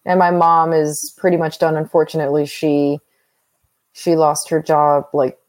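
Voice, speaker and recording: Young woman w a lowish voice, chatty and earnest. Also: level tone, normal speed, darkish tone, dry recording. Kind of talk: casual chat.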